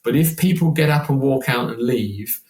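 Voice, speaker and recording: A man in his sixties, a singer guesting on a podcast, talking in an animated, chatty way and often repeating words. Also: medium pitch, moderate pace. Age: 60s. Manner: animated, chatty, repeats words while acting out quoted voices. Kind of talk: casual podcast conversation. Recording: roomy echo.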